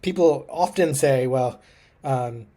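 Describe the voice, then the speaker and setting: A man's voice: medium pitch, slow pace, warm tone. A man giving a casual, upbeat tech commentary, talking conversationally with plenty of fillers.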